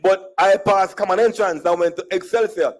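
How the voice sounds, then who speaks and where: A Jamaican man with a somewhat high voice tells stories for laughs, moving easily between standard English and Jamaican Creole turns of phrase. He speaks as a conference speaker with a Jamaican accent. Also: fairly even intonation, normal speed. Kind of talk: humorous storytelling speech. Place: conference hall.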